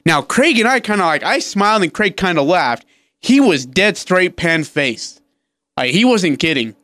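Man, sports radio co-host, laughing storyteller, fairly high voice, dry close studio mic. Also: normal speed, no room sound. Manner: animated storyteller, laughs often, acts out quotes. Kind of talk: casual sports talk.

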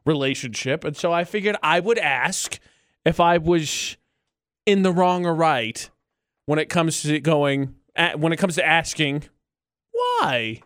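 Animated, teasing male radio co-host. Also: fairly high pitch, measured pace, no echo, clean studio sound. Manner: playful, teasing, argumentative. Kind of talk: casual morning radio banter. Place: radio studio.

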